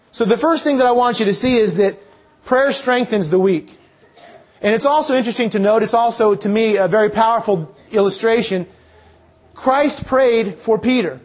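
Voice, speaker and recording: Preacher, male, fairly high voice, earnest sermon delivery with many questions to the congregation. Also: moderate pace. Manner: earnest, repeats rhetorical questions.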